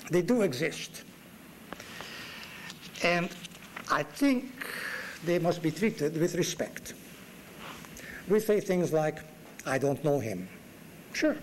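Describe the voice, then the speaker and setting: A man lectures in a university room, with dry humor and lines that lift sharply for emphasis. His voice sits a little high for a man. A faint hum of room noise runs underneath. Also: poor audio. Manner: dry wit, emphatic rises. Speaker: guest lecturer. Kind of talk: classroom lecture.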